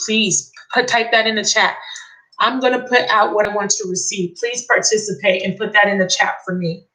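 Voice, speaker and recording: A woman giving a live tarot reading, excitable and emotional, repeating key phrases. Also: medium pitch, moderate pace, poor audio. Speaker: tarot reader.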